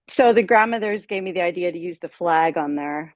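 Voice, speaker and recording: A woman's voice: fairly low pitch, unhurried. A woman chatting casually and cheerfully on a video call after sharing her song. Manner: upbeat, chatty with fillers.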